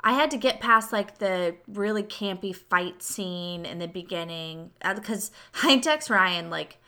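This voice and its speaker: A woman's voice: mid-range voice, measured pace, pushed and bright. A woman co-hosting a casual movie review podcast, chatty and full of filler words. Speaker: podcast co-host.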